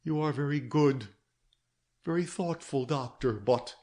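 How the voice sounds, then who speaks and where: A frail young woman speaks from her sickbed, as a male audiobook reader puts her on. Her voice is pitched well above a man's own, weak and plaintive, pleading in a storybook reading. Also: a little slow, dark tone, close to an everyday voice. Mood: despairing.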